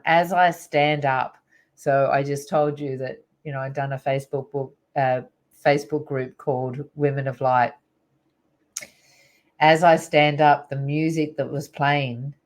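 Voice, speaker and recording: A middle-aged woman, a guest on an interview show, earnestly recounting a personal spiritual story in a rambling way with many fillers. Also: a bass voice.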